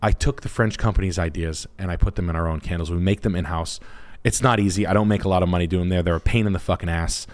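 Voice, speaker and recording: Brash, profane man with a low voice. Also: steady tone, fast talker, hardly any pauses. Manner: brash, profane, puts on voices while telling stories. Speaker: podcast host. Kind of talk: crude comedic podcast chat.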